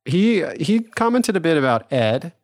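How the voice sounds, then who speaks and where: A man's voice: a little high, very animated, unhurried, darkish tone, no room sound, clean studio sound. A man co-hosting a podcast, chatting casually about an episode, laughing often and trailing off with fillers. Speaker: podcast co-host. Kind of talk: casual chat.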